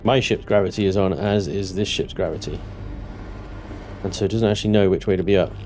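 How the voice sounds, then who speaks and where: A man's voice: low-pitched, a little fast, soft background music. Man narrating his game, jumpy and joking. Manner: thinks aloud, swings into panicked yelling and joking curses. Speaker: gaming channel host. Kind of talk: let's-play commentary.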